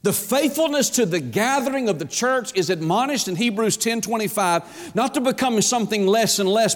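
High-voiced Southern preacher in a reverberant hall. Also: male voice. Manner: emphatic, folksy, fond of rhetorical questions. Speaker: pastor. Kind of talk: sermon. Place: church sanctuary. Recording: long reverb of a large hall.

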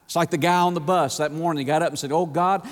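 A middle-aged male pastor with a notably high voice preaches in a folksy, emphatic style. He repeats his key phrases and appeals straight to his listeners. His voice rings with the long reverb of a large church hall. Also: steady tone, rapid-fire. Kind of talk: sermon.

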